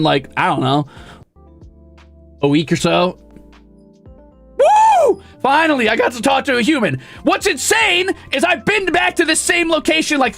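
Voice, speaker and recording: A man's voice: high-pitched, vocal fry. A young man chatting casually on stream, telling a story with lots of swearing and acted-out quotes. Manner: profane, animated storytelling with voiced quotes. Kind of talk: casual chat. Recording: faint music behind.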